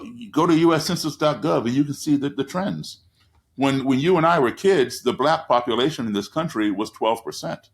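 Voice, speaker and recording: Brief: American man in his sixties, seasoned storyteller, does voices for the people in his tale. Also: mid-range voice. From United States. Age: 60s. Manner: lively storyteller who acts out the people he quotes. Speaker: guest. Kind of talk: storytelling in a conversation.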